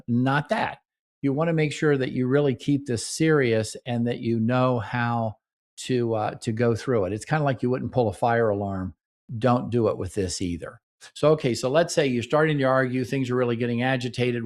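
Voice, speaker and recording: Male relationship host, mid-range voice, instructive and animated, acts out couples' lines. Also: mid-range voice, moderate pace. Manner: coaching, frequent "okay?" and "right?" check-ins. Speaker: relationship therapist and podcast host. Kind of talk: instructional talk.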